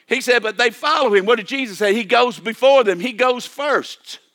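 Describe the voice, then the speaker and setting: A man's voice: very high voice, normal speed, fairly bright tone. An older man preaching a sermon, repeating and restarting his phrases and calling for amens. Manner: repetitive, stammering restarts, calls for amen.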